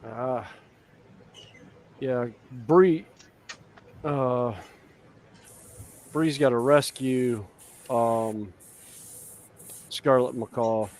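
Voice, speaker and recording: A man's voice: medium pitch, extremely slow, pauses often, darkish tone, a little hiss or hum. A man chatting casually as a live stream host, telling rambling stories full of fillers and restarts. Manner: rambling, filler-heavy storytelling. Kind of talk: casual chat.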